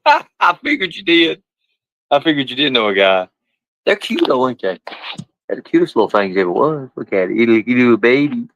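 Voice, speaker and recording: A man chatting casually on a live stream, talking to his pets and viewers in rough, colloquial speech and swearing freely. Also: mid-range voice, very animated, moderate pace, fairly bright tone, no room sound, low-quality recording.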